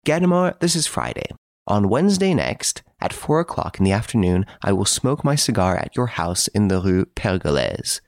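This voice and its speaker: A man doing a smug, teasing gentleman thief. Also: lowish voice, sing-song, moderate pace, vocal fry, no echo, clean studio sound. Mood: playful, sly. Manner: urbane, teasing, playfully boastful. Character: suave, mocking gentleman thief in prison, male.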